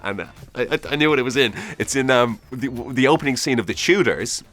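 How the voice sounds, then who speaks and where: A man's voice: medium pitch, quick pace, a bit bright. A man in his forties, an actor answering interview prompts in a chatty, self-deprecating way, laughing at himself as he rambles through memories.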